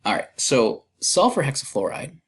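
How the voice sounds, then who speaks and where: A man with a husky, slightly breathy voice talks through a chemistry lecture at a mid-range pitch. He keeps it casual and chatty, with fillers and self-deprecating asides. It sounds like a computer mic while he draws on screen. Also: very animated, moderate pace. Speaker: chemistry teacher. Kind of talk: recorded lecture walkthrough.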